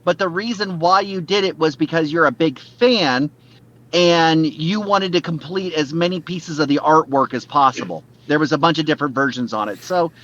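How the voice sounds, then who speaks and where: A man with a slightly high, a bit bright voice co-hosts a podcast, rambling through casual chat with plenty of fillers and restarts. The podcast audio is dull and lo-fi.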